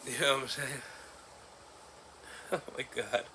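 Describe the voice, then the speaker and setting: A man in his forties talking in a personal vlog, halting and emotional, breaking into nervous laughs. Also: mid-range voice, fairly even intonation, background noise. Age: 40s. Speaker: vlogger. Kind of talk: personal vlog recounting an ordeal.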